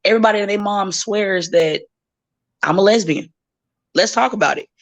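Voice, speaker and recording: Appearing as a guest in a casual interview, a professional wrestler speaks bluntly and profanely in a gravelly, fry-tinged, medium-pitched voice. She animatedly acts out the people in her stories with quick impressions.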